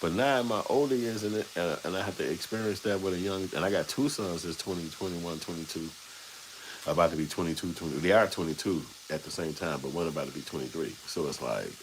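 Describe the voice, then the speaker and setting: A man's voice: sits low, fast, noisy background. A man, hosting a casual live stream and telling stories in a loose way, acting out the people he quotes. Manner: loose, storytelling, acts out quoted voices. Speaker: show host.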